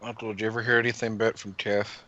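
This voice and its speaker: A man playing a tabletop game, joking and asking quick questions in casual chat. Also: on the low side, level tone, sharp tone, highs cut off. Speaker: player.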